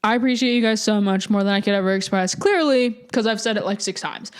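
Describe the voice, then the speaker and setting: A woman's voice: medium pitch, fast, clear, resonant tone. A young woman of eighteen hosts her own podcast alone. She talks in a loose, rambling, chatty way. She keeps poking fun at herself as she goes. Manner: rambling, chatty, self-mocking. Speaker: podcast host. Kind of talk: casual solo podcast chat.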